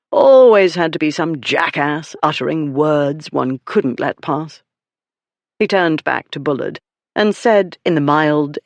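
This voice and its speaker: An audiobook narrator reading a historical romance at a steady, measured pace. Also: medium pitch, no echo. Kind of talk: scripted narration.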